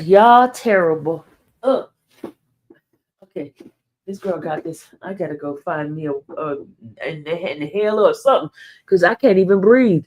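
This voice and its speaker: A woman's voice: on the low side, expressive, measured pace, long pauses, a little mellow. A woman hosting a casual live stream, chatting straight to her viewers and reading their comments aloud. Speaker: livestream host.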